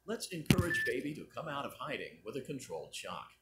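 A man's voice: mid-range voice, very animated, fast, heavy background noise, natural voice. An actor voicing a cheerful male automated facility system that gives upbeat, corporate-style instructions. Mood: cheery instructive.

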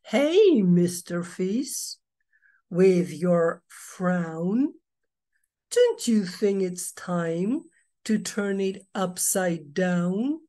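A woman voicing a cheerful, friendly clam in a storybook, coaxing slowly in rhyme. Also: lowish voice, animated, dark tone.

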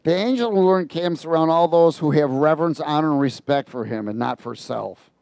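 An animated male preacher with a fairly high voice, talking through a psalm and poking fun at his listeners as he goes. His sound is dry and close, with almost no room around it. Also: a little fast, vocal fry, dry recording. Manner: animated, mocking and laughing at his own asides. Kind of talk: informal sermon on a psalm.

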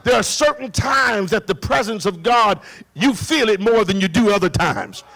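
Male pastor, very high gravelly voice, preaching a sermon with shouted singsong peaks. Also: expressive, moderate pace. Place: church. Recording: live church recording.

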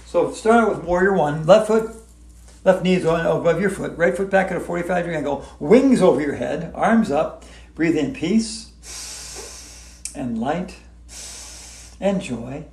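A man with a high, gravelly voice walks you through a yoga routine in a whimsical, gently encouraging manner. He sounds like he is in a roomy space with a noticeable echo. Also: measured pace, pauses often. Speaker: yoga instructor. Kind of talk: playful yoga tutorial. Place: hotel room.

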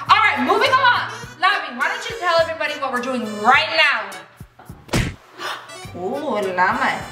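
A high-voiced woman vlogger talks to her viewers in a bubbly, gushing way. Her voice sounds bright, and it echoes around a room from some distance off the mic. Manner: bubbly, chatty, gasps and gushes. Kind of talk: playful chat to viewers about toy llamas. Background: faint music.

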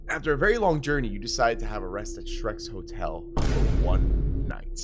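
Male let's player: lively, loud, crude humor, constant reactions over game music. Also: on the low side, normal speed. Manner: excitable, jokey, swears a lot, shouts at scares. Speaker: gameplay commentator. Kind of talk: let's play commentary.

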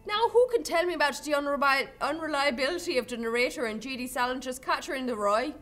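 Fussy young male teacher with a hammy Irish accent, voiced by a woman, pitched up. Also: quick pace, a bit bright, faint music behind. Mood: prim, teacherly. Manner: exaggerated put-on accent, theatrical.

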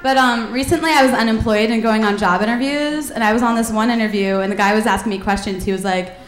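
A young woman doing a self-deprecating stand-up routine with wry deadpan asides on a comedy club stage, into a handheld mic. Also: fairly high pitch, fast, few pauses, roomy sound.

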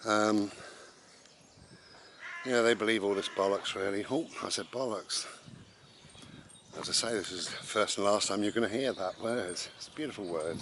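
A man's voice: lowish voice, normal speed, long pauses, background noise. A man, rambling bluntly and sarcastically in an opinion monologue while walking his dog outdoors, swearing casually. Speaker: vlogger.

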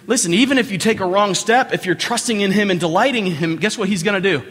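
A Southern American man preaches a sermon as pastor in a church sanctuary, speaking conversationally, repeating phrases and asking the congregation questions. His voice is high, fast, a bit bright and slightly rough. The recording carries a long hall reverb.

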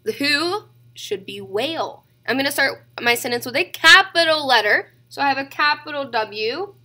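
A woman teaching a kindergarten reading lesson, sounding out letters slowly and clearly. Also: sits high, animated, bright, forceful tone.

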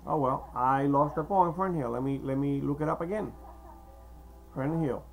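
A man whose first language is Spanish, talking in a hesitant, meandering monologue to camera with many filler pauses. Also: fairly high pitch, gravelly, soft background music, poor audio. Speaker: video blogger. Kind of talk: casual rambling monologue to camera.

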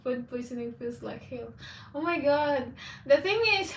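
A woman's voice: high voice, measured pace, distant mic. A woman vlogger chatting casually to her viewers, rambling and candid with frequent exclamations. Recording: echoey room, voice off-mic.

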